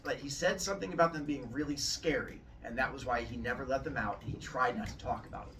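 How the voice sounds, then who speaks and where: A man's voice: medium pitch, fast, a bit bright, distant mic, slight background noise, natural voice. A man voicing a helpful, slightly hesitant Titan advisor explaining things in a told story.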